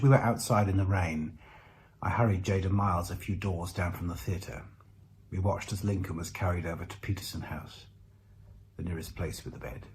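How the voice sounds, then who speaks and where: A man narrating a first-person story aloud in a measured, reflective way with dramatic pauses. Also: low voice, darkish tone, slight background noise. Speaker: narrator voicing the lead character. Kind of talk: first-person audiobook reading.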